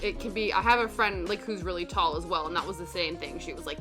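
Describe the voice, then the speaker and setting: A woman's voice: on the low side, steady tone, fast talker, few pauses. A young woman chatting casually while she cross stitches on a stream, rambling through stories and answering chat. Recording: background music under voice.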